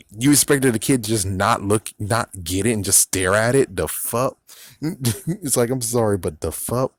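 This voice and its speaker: A man's voice: lowish voice, dry recording, studio quality. A man casually reviewing a TV series, rambling and sarcastic, swearing often and repeating "it's like". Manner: profane, sarcastic, incredulous.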